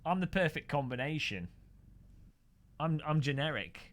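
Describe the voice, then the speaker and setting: A man's voice: a little high, lively intonation, normal speed, fairly bright tone. A man with a Midlands accent chatting and joking on a live stream while racing. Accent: English Midlands. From English Midlands. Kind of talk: live gaming commentary. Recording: noisy with race car sounds.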